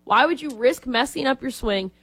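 A woman co-hosts sports talk radio, ranting bluntly and full of opinions. Her voice is high, and the studio sound is dry and close. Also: fairly bright tone, breathy edge, no room sound. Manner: opinionated, blunt, quick rants.

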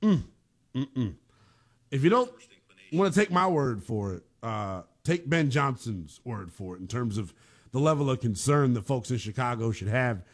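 A man's voice: mid-range voice, animated, moderate pace. A man hosting a sports talk show, giving emphatic, opinionated commentary while sounding emotionally shaken. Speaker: sports radio host.

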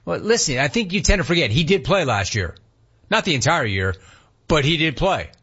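A man's voice: on the high side, sing-song, moderate pace, fairly bright tone, breathy edge. A man hosting a sports talk show, ranting with rhetorical questions and reading out chat comments. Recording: dull lo-fi sound.

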